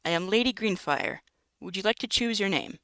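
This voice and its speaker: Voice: mid-range voice, brisk, dry recording. A performer voicing a short, tired but eager witch who fusses over her new creation, read aloud from a text game. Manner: fussy, doting, excitable.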